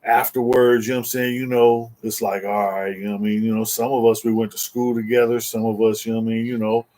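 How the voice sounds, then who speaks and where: Talking fast in a flat, slightly mellow medium-pitched voice, this interview guest tells a story casually. His slangy street talk rambles, restarts, and repeats words, and he keeps checking in with "you know what I'm saying."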